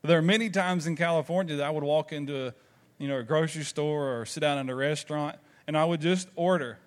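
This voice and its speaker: A pastor with a Southern American drawl delivers a sermon in a relaxed, storytelling way. His voice sits a little high for a man, and he keeps asking the congregation rhetorical questions. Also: quick pace. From Southern United States.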